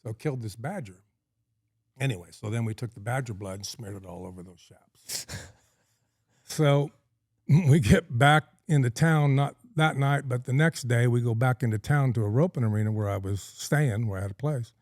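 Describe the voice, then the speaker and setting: A man's voice: mid-range voice, normal speed, darkish tone, no room sound, clean studio sound. A middle-aged man from California, a podcast guest telling a long story in a folksy, rambling way with plenty of ums and uhs. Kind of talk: casual storytelling in a podcast interview.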